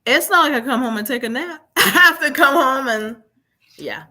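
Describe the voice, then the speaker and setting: A woman guest telling her own story in a live interview, animated and acting out what others said. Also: high voice, moderate pace.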